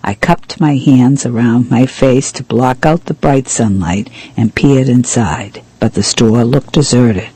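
A man reading a mystery novel aloud in steady, even first-person narration. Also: medium pitch, unhurried, hardly any pauses, husky, rough recording. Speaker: audiobook reader.

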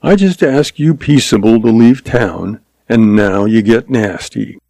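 A cool Old West gunfighter, put on by a man reading a story, drawls every taunt slowly and mockingly. The voice is a touch raised over the reader's own, yet stays dark and gravelly, recorded dry and close. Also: lowish voice, dry recording.

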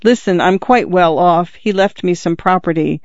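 A man's voice: high voice, normal speed, no room sound. A man voicing a shy, grieving young peasant son who speaks hesitantly and with embarrassment, in a dull lo-fi recording. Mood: awkward.

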